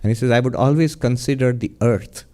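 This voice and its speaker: A man, a monk, giving a spiritual talk in a gentle, reflective storytelling manner, often chuckling. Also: medium pitch, brisk.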